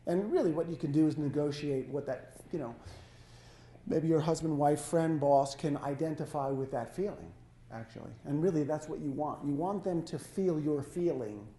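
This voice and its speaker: A man giving a life-coaching talk to a small audience, speaking in a halting, conversational way and often correcting himself. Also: a little high, dark tone. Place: lodge hall. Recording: echoey hall.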